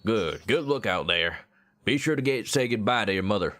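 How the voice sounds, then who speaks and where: A man voicing a glum, tearful frontier father, quiet and subdued. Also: on the low side, expressive, normal speed.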